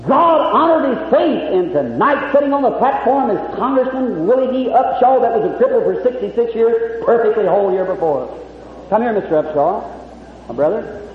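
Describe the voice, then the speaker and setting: A man's voice: high voice, lively intonation, fairly quick, slight background noise. A man preaching a testimony sermon at a live meeting, telling his story fervently and acting out the dialogue. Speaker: evangelist preacher. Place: large hall at a revival meeting. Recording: lo-fi phone-like archival recording in an echoey hall.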